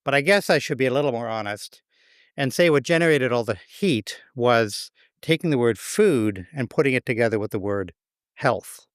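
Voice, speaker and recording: A man's voice: mid-range voice, animated, normal speed, no echo. A man preaching a sermon as pastor, conversational with dry, wry humor.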